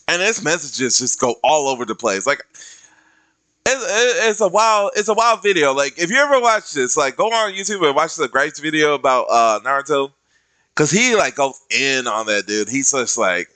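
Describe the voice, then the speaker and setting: A man streamer ranting casually, slangy and animated, dropping into other voices to act out quotes. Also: fairly high pitch, a little slow, no room sound. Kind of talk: casual rant.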